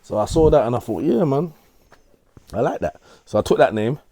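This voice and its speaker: A man's voice: mid-range voice, big pitch swings, fairly quick, mellow, dry recording. Middle-aged man, interviewee, rambling storyteller, street slang, dry close sound. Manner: rambling, repeats himself, London street slang. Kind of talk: casual storytelling.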